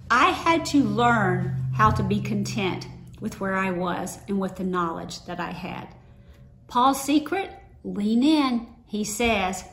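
A woman delivers a sermon in a relaxed, conversational tone and mixes scripture with homey stories from her own life. Her voice sits at an ordinary middle pitch. The room is roomy, and her words carry a clear echo. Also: a little slow. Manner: conversational, storytelling with personal anecdotes. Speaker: preacher. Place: church sanctuary.

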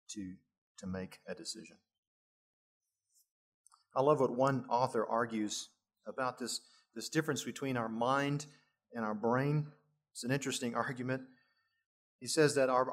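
A man's voice: medium pitch, fairly bright tone. A middle-aged male pastor preaching a sermon, lifting his voice for emphasis and adding chuckling asides.

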